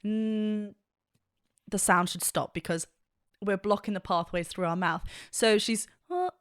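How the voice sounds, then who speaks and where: A woman's voice: fairly low pitch, moderate pace, fairly bright tone, no room sound, clean studio sound. A woman vocal coach giving an enthusiastic, technical reaction and analysis, with frequent fillers.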